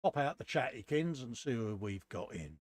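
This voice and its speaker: A man's voice: mid-range voice, big pitch swings, moderate pace, no echo. A man co-hosts a late-night live stream, running through the chat and greeting each viewer with a friendly "mate." His voice sits in a middling range. It is recorded close and dry, with no room sound. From United Kingdom. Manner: reads out chat messages and greets viewers one by one.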